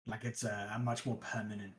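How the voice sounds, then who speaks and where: A man running a tabletop game as game master, explaining things in an unhurried, hesitant way with many fillers. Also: lowish voice, little pitch movement, slight background noise. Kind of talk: casual tabletop game narration.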